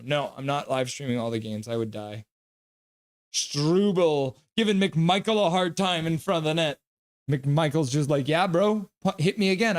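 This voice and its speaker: A man's voice: medium pitch, no echo, studio quality. Chatty man calling hockey live. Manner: jokey, chatty, reads viewer comments aloud. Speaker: live stream host. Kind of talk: live play-by-play and chat reaction.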